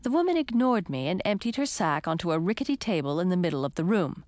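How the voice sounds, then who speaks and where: Female audiobook narrator, expressive first-person reading, dry close recording. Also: lowish voice, quick pace, few pauses, no echo.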